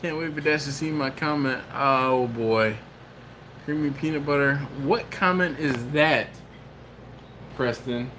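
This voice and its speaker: A man's voice: medium pitch, unhurried, pushed and bright, slight background noise. A man hosting a casual live stream from his home kitchen, reading viewer comments aloud and riffing on them. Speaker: host.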